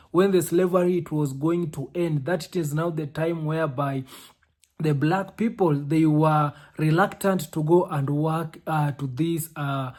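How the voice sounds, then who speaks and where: A male host talks through a reaction commentary in a slightly high voice. He explains carefully and circles back, repeating his points. He pauses often to find the next word. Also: a little mellow. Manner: explanatory, repeats phrases, frequent hesitations.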